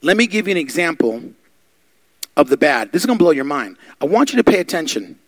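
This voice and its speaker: A man preaching a sermon, fervent and building to loud exhortation. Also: fairly high pitch, very animated, a little fast, dry recording.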